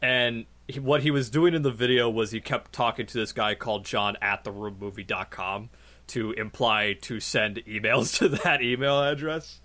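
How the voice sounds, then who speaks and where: A man, a video reviewer, telling a story in casual podcast chat, animated and laughing often. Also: medium pitch, normal speed.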